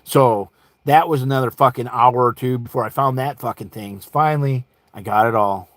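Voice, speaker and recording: A man's voice: mid-range voice, normal speed, dry recording. A man telling a profane, rambling story about a gadget that would not work, acting out both sides of the exchange. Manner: heavy swearing, quoting himself and others. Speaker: channel host. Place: lives in an RV.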